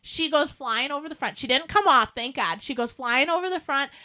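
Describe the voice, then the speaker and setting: A woman co-hosting a podcast, telling a story in casual, animated chat, full of fillers and acted-out quotes. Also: high-pitched, fairly quick. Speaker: podcast co-host, riding instructor.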